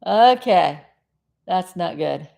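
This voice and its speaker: A woman's voice: fairly low pitch, expressive, slow, vocal fry, warm tone. A middle-aged woman from South Florida hosting a casual live stream, chatting in a meandering way and often losing her train of thought.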